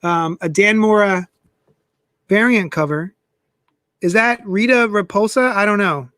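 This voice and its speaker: A man hosting a live comic unboxing stream, chatty and animated, with playful self-mocking asides, talking into a desk microphone. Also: high voice, unhurried, dry recording, studio quality. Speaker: comic shop host.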